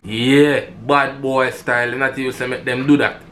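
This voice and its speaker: A man's voice: medium pitch, level tone, normal speed, a bit bright, slight background noise. Angry Jamaican man ranting. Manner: heated, ranting, repeats for emphasis. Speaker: commentator reacting to robbery footage. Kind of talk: angry commentary in patois.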